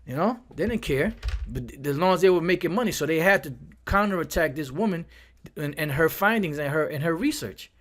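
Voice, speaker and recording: An angry man preaches from scripture in a fairly high, animated, brisk voice with a fairly bright tone. His fiery, profane delivery is full of hard swearing and repeated words stumbled over as he builds his points.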